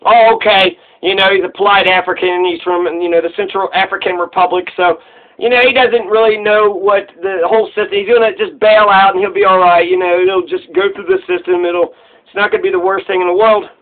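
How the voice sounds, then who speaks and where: Male commentator, high voice, loose profane monologue, lo-fi phone-quality sound. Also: steady tone, brisk. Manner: rambling, profane, restarts mid-thought. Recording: tinny phone-like recording.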